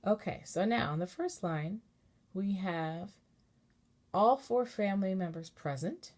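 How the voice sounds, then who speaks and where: A woman cantor giving a relaxed, patient lesson on chanting, explaining step by step and singing short chanted examples. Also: medium pitch, measured pace. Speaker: cantor teaching Torah chanting. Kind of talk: informal online lesson with sung examples.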